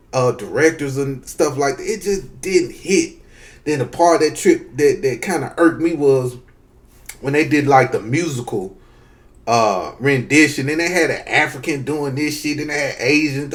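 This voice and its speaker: Casual Southern man ranting to camera. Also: on the high side. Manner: loose, conversational, profane, addresses viewers as y'all. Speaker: vlogger giving opinions. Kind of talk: casual opinion rant.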